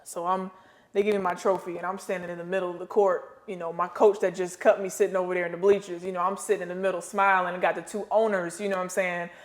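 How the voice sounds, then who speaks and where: Animated woman telling stories. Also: fairly low pitch, quick pace. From United States. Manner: animated storyteller, slangy, acts out voices. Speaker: podcast guest, former pro basketball player. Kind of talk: casual storytelling interview.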